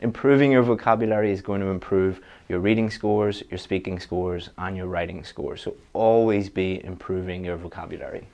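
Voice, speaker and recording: A man's voice: low voice, normal speed, gravelly, hardly any pauses, a little mellow, dull audio. A man giving a direct, practical online exam-prep lesson, with frequent restarts. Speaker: IELTS teacher.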